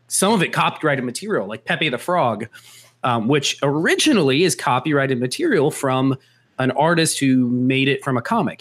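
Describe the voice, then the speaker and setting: A man chatting casually on a podcast, animated and stumbling over words, laughing easily. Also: medium pitch.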